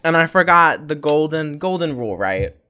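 A man's voice: on the high side, big pitch swings, moderate pace, a crowd in the background. A man hosting a casual podcast, telling stories loosely and laughing as he goes. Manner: laid-back, laughing storyteller. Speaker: podcast host. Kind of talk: casual chat.

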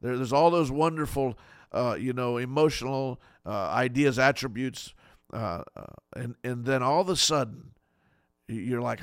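A man's voice: medium pitch, normal speed, dry recording, clean studio sound. A man preaching as a pastor, earnest and pleading, stacking up short repeated phrases. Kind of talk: sermon.

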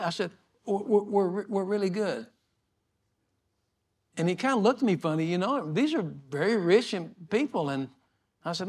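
An older male pastor preaching a sermon, telling a folksy story in a relaxed, repetitive way with chuckles. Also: high-pitched, moderate pace, long pauses, husky.

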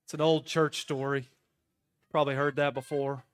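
A man, a pastor preaching a sermon in a conversational, storytelling way with sudden loud bursts. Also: mid-range voice, flat delivery, moderate pace.

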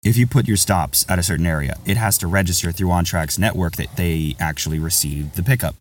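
A man with a very low voice tells a long story on his podcast, loose and candid, often calling his friend "bro." He sits a bit away from the microphone, so the voice sounds slightly distant. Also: fairly quick, a little hiss or hum. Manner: rambling, candid, says "bro" a lot. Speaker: podcast host.

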